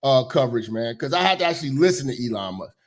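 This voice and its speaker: A man's voice: medium pitch, expressive, fast talker. A man hosting his own commentary show, talking in a blunt, profane, rambling way with lots of fillers. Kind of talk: casual opinion commentary.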